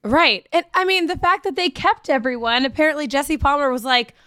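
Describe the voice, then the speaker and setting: A woman co-hosting a podcast, chatting casually in a lively way. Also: high-pitched, brisk, no echo, clean studio sound. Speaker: podcast co-host. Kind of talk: casual chat.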